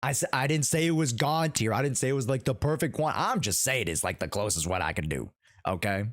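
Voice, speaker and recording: Rambling male streamer with lively pitch. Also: fairly quick, no echo, clean studio sound. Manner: rambling, filler-heavy, playful. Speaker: streamer and host. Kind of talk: casual livestream chat.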